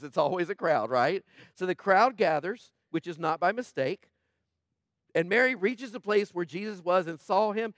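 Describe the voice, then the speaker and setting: A man preaching a sermon to a congregation, asking rhetorical questions and moving between hushed, quiet passages and loud, fervent ones. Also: on the high side, dry recording, clean studio sound. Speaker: pastor.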